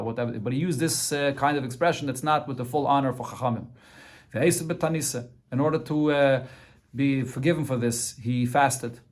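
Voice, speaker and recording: A man teaching a Talmud class. He reads a short phrase of the text, then explains it in plain speech, often restarting his sentences as he works through each point. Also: medium pitch. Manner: translates Aramaic phrase by phrase with frequent restarts.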